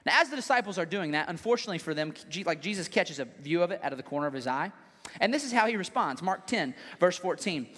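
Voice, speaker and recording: A male pastor preaching a sermon in an animated, joking way. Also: high voice, fast, slightly rough. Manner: animated, joking, acts out scenes. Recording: long hall reverb.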